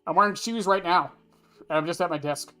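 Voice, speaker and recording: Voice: mid-range voice, a little fast, pushed and bright, faint music behind. A game streamer at a desk chatting casually with viewers, rambling and offhand, answering chat questions and swearing now and then. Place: at a desk indoors.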